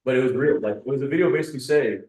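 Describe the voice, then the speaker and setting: A man's voice: mid-range voice, rapid-fire, a little mellow. A man co-hosting a live stream in casual chat, reading viewer questions and swearing now and then. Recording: echoey room, off mic.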